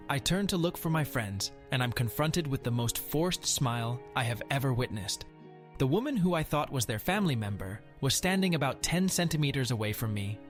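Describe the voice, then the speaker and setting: A young man tells an online story in a dry, matter-of-fact voice at an ordinary middle pitch. His delivery has a sardonic edge. Soft music plays quietly underneath. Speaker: narrator.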